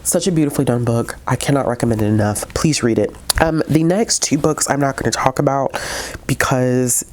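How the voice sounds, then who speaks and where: A woman's voice: very deep voice, brisk. A woman vlogger talking through her monthly book reviews in a casual, heartfelt way, tearful and full of fillers and restarts.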